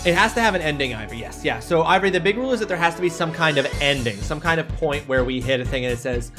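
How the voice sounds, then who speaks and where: An excitable male streamer talks through his gameplay, reading out viewer messages and cursing casually. His voice sits a little high for a man, with game music playing clearly underneath. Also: racing. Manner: excitable, swears freely, chats with viewers. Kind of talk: live gameplay commentary.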